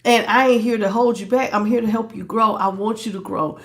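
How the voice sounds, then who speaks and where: Woman, tarot live-stream host, fairly high voice, playful, laughs a lot, chatty, greets viewers. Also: fairly even intonation, brisk. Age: adult, past young. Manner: calls listeners "baby" and "child". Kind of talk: casual live-stream chat.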